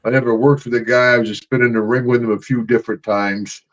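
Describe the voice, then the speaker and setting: Boisterous older man, gruff and loud. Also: mid-range voice, steady tone, fast. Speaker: podcast co-host, retired wrestler. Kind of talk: casual chat. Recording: dull lo-fi podcast audio.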